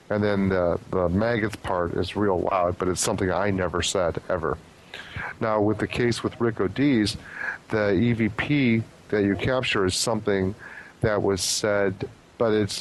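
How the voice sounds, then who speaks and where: A man's voice: fairly low pitch, slight background noise, low-quality recording. A man being interviewed as a paranormal investigator, explaining his theories in an earnest, speculative way. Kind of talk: casual podcast interview.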